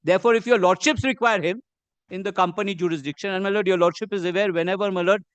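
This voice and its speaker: A man with an Indian English accent, arguing a case before a judge in measured, deferential courtroom speech. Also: sits high, steady tone, clear, resonant tone, no echo. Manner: measured and deferential, says "my lord" constantly. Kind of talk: formal courtroom argument.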